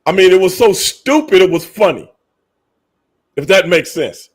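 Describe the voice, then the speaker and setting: Podcast co-host, male, pitched a bit high, forceful, repeats himself, swears freely. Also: lively intonation, a little slow. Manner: emphatic, profane, repeats points. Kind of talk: casual podcast debate.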